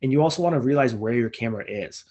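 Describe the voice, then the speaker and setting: Man giving relaxed spoken advice. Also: medium pitch, fast talker. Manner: relaxed, conversational, frequent ums and uhs, reading from a list. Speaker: physician giving exam advice.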